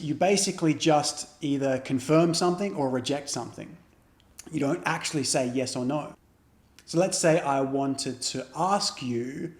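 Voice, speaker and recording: A man's voice: medium pitch, reverberant. A man explaining a beginner language lesson, patiently repeating example phrases. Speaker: Chinese language teacher.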